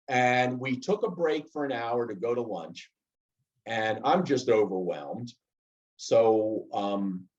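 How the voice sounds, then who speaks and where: Male trainer, mid pitch, chatty teaching tone, slightly muffled lo-fi recording. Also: a little mellow. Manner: conversational, frequent "right?" asides and restarts. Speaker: project management trainer. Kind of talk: instructional talk with personal anecdote.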